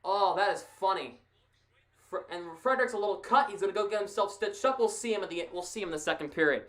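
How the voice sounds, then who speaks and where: A woman calling a hockey game live in a loose, fan-style play-by-play. She is excitable and quick to laugh, throwing chatty asides to a co-host between plays. Her voice sits at an ordinary middle pitch for a woman.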